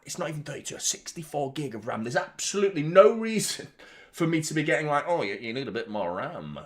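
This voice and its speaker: A man's voice: fairly high pitch, very animated, quick pace. Male fan-channel host, live watchalong chat, exasperated rambling with casual swearing.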